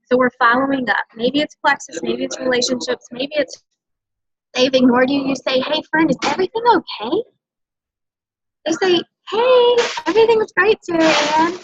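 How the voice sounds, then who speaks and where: A woman with a high, bright-sitting voice coaches her sales team in an emphatic motivational talk. She keeps pressing her points and checks in with "okay?" The recording is dull and lo-fi. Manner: emphatic, coaching, often tags lines with "okay?". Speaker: senior direct-sales team leader.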